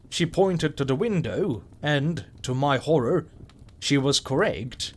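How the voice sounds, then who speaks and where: A man narrating a scripted horror story in a measured, wry way. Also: on the high side, expressive.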